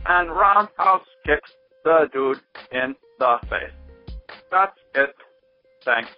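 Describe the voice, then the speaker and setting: A man voicing a robot android as he reads out a listener's letter in a slow, mechanical way. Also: fairly high pitch, pitched above the performer's own voice. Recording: dull lo-fi sound with faint music.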